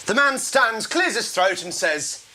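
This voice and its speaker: A man hosting a casual comedy show from home, playful and self-mocking, quick to laugh at his own jokes. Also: high voice, big pitch swings, pushed and bright, slight background noise, low-quality recording. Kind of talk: casual live show chat.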